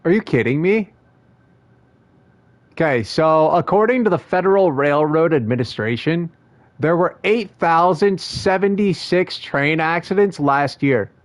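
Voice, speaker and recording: Streamer, male, high-pitched, reads news flatly then rants with heavy swearing. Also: measured pace, no echo. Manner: profane, exasperated ranting; flat reading-aloud delivery. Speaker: streamer and sim racing coach. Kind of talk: live stream commentary reading news aloud.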